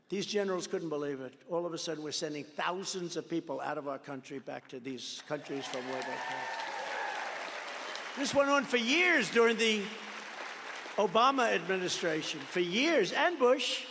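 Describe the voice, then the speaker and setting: A man's voice: fairly high pitch, animated, normal speed, sharp tone, a faint crowd, slight background noise. A man in his seventies giving a boastful rally speech, telling stories and acting out the dialogue. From United States. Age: 70s. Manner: boastful storytelling with acted-out quoted dialogue. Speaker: politician at a campaign rally. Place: large campaign rally venue. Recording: long reverb of a large rally venue.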